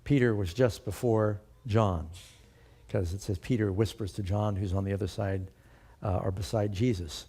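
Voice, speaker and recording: A man's voice: lowish voice, fairly even intonation, normal speed, mellow, slightly rough. A male pastor preaching a sermon, emphatic and putting rhetorical questions to his congregation.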